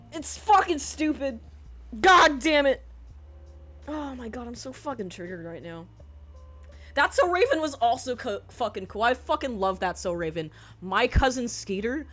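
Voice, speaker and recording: A woman's voice: fairly high pitch, a bit bright. A young woman streamer ranting on a live stream. She swears constantly and fills her talk with ums. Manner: profane, escalating rant with frequent ums.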